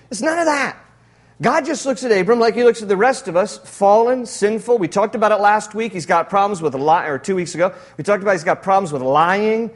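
Male pastor with a high voice, animated, jokey sermon delivery. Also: brisk. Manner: animated, jokey preaching with frequent laughs.

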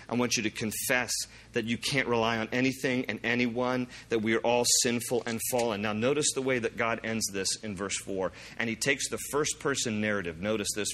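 A man preaching a sermon, reading scripture aloud with emphasis and slowing down for the verses. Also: mid-range voice, sharp tone, a little hiss or hum. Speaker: pastor.

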